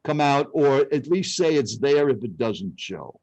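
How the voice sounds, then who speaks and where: Poor, dry audio captures an older speech coach from Arizona, United States, speaking at medium pitch and a measured pace. As an interview guest, he's an animated, dramatic storyteller relating events from his own life.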